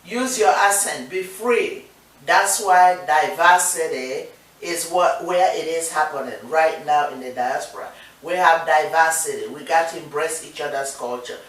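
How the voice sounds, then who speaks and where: A woman's voice: low voice, unhurried. A woman from Nigeria with a Nigerian accent, co-hosting a casual talk show, speaking earnestly and encouragingly, repeating her points for emphasis. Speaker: co-host. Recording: distant, echoey room sound.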